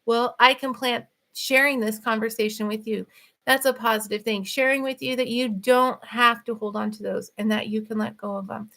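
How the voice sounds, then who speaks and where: A middle-aged woman hosting a casual spiritual talk, talking fast and animated, laughing often. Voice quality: voice runs high. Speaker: author and podcast host.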